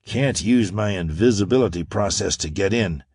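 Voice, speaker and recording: A man's voice: fairly low pitch, lively intonation, moderate pace, a little mellow, slightly rough, dry recording, studio quality. A man voicing a confident young space hero in an audiobook, wry, clipped and commanding.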